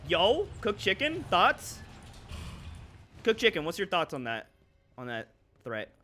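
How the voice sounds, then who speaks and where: A man's voice: sits high, huge pitch swings, a little slow, a little hiss or hum. Joking young male game streamer. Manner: joking, reacting to chat, sudden shouts. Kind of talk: live gameplay commentary.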